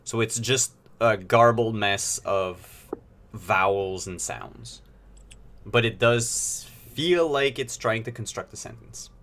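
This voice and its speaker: A man's voice: lowish voice, slow pace, fairly bright tone. A man narrating as game master of a streamed tabletop game, casual and rambling with fillers.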